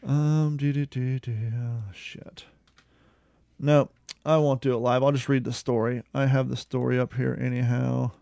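A man's voice: mid-range voice, little pitch movement, a little slow, creaky, warm tone, no echo. A man co-hosting a casual podcast, rambling, joking and swearing, who reads a news story aloud. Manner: rambling, irreverent, swears freely. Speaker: podcast co-host.

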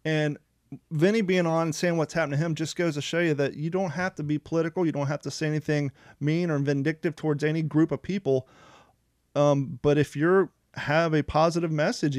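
Host: rambling, salesy man, slightly high voice, dry close mic. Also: darkish tone, no room sound. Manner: chatty, rambling, sales-pitch energy. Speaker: podcast host. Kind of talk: casual podcast chat and ad reads.

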